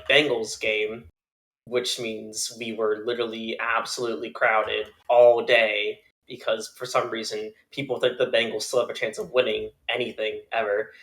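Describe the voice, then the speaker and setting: A man's voice: fairly low pitch, little pitch movement, a little slow, fairly bright tone. A young man, a podcast co-host, tells a funny story in casual chat, laughing often and acting out the people he quotes.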